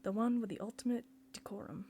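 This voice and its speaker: A woman's voice: fairly high pitch, fairly even intonation, fast talker, warm tone, a little hiss or hum, close to an everyday voice. A woman reading the part of a scornful middle-aged male surgeon who lectures and accuses his brother.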